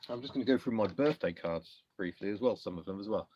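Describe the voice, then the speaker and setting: A man's voice: fairly low pitch, quick pace, darkish tone, dull audio, slight background noise. A man from England hosting a car livestream, reading out and answering viewer questions in a chatty, self-deprecating way with lots of ums. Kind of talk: casual live chat reading comments.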